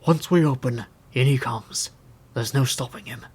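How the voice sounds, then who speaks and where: A man's voice: mid-range voice, normal speed, darkish tone, breathy edge, lightly acted. A man reading an audiobook, voicing a cautious male village policeman. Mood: wary. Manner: wary, irresolute.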